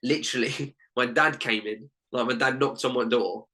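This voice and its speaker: Earnest young man with a bright voice. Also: mid-range voice, moderate pace, low-quality recording. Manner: earnest and heartfelt, with many "literally" and "like" fillers. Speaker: guest, life coach. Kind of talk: personal story in a podcast interview.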